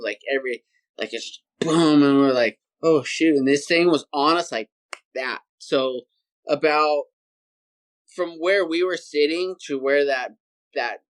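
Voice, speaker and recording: This is a man of ordinary pitch, a guest on a podcast. He tells his story in a casual, lively way, acting out sounds and other people's voices as he goes. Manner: animated, acts out sounds and voices.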